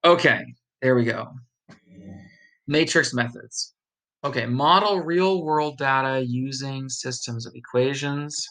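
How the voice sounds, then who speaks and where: A man's voice: mid-range voice, slow pace, a bit bright, low-quality recording. A man thinks aloud, reading course notes and practising a pronunciation in a casual study session. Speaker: online study blogger.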